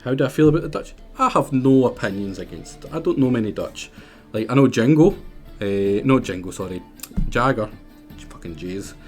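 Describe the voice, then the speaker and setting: A man's voice: medium pitch, animated, normal speed, a little mellow, faint music behind. A young Scottish man with a Scottish accent, chatting in a joking, mocking, sweary way while streaming a game. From Scotland. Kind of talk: casual gaming stream chat.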